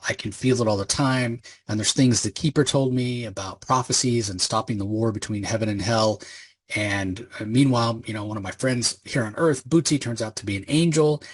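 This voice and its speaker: A man's voice: fairly low pitch, breathy edge. Man reading as a fed-up male hellspawn antihero. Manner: demanding, exasperated.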